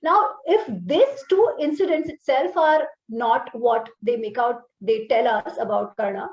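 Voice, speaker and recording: A woman's voice: fairly high pitch, measured pace, a little mellow. A woman with an Indian English accent, an author being interviewed, explaining her argument emphatically and conversationally. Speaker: author guest. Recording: roomy, slightly dull audio.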